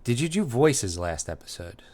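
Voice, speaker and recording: A man's voice: medium pitch, sing-song, moderate pace, a little mellow. A man hosting a comedy podcast, reading listener emails and teasing his co-host in dry, casual chat.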